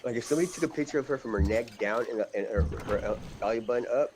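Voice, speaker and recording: Male streamer, mid-pitch, rambles and jokes, slight hiss behind him. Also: very fast. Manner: rambling, joking, trailing off. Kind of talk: crude casual chat.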